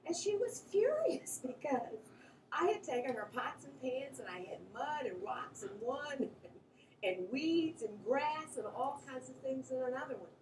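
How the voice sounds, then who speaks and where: A woman telling a funny story from her childhood in a lively, animated way, her voice jumping up at the exciting parts. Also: a little slow. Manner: animated storytelling, pitch jumps at exciting moments. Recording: roomy echo, slightly distant mic, faint background hiss.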